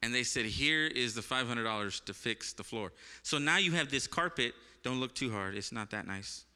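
A male pastor tells a personal story from the pulpit, acting out the voices of the people in it before dropping into hushed reverence. His voice is very bright and crisp. The sound carries the long echo of a church hall. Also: medium pitch, normal speed. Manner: animated storytelling, acts out voices, laughs often, turns quiet and reverent. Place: church sanctuary.

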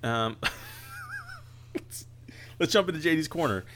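Lively, joking young man on a podcast. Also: a little high, a little hiss or hum. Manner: animated, joking, quick to laugh. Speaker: podcast co-host. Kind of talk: casual podcast chat.

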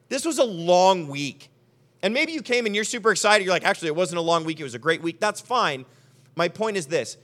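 Young male pastor, high-pitched, lively sermon delivery, acts out listeners' voices.

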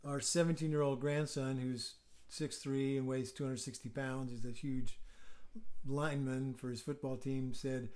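An older man, a therapist appearing as a podcast guest, telling a family story in a measured way with hesitant fillers. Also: medium pitch, level tone, darkish tone. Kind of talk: casual chat.

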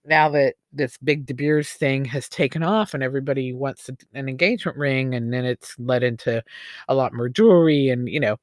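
A man's voice: mid-range voice, normal speed, no echo. A man talks through his views on a podcast, rambling and opinionated, full of fillers and false starts. His voice sits in an ordinary middle range. The sound is close and dry, with no room around it. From United States. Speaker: podcast host. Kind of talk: casual opinion monologue.

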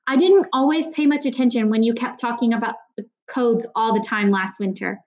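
A woman's voice: on the high side, fairly quick, close to an everyday voice. A woman voicing an earnest, protective older brother in a storybook reading. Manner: insistent.

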